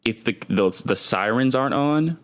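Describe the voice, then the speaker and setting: A man's voice: mid-range voice, lively intonation, normal speed, clean tone. A man in a casual discussion, talking earnestly and hesitantly with many fillers.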